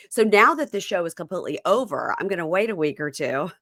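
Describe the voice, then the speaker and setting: Brief: middle-aged woman podcast host, lowish voice, chatty and laughing, dry close recording. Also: big pitch swings, a bit bright, no room sound. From Mississippi. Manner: chatty, laughs often, quick asides. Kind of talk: casual chat.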